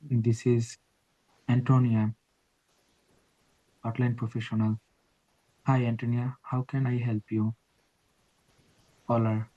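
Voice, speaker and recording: A man on a mobile phone reading a practice hotline script aloud in a training session, pausing with "uh" fillers when he speaks freely. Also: medium pitch, warm tone, no echo. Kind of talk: reading a role-play script aloud, then answering. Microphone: mobile phone on a video call. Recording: dull, dry phone audio.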